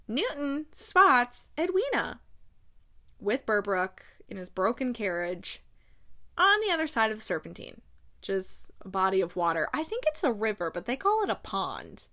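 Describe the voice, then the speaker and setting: A woman hosting a podcast, chatting casually and gushing about a romance novel, with quick asides and frequent laughs. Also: medium pitch, wildly swooping pitch, bright, forceful tone. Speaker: podcast host. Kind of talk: casual book chat.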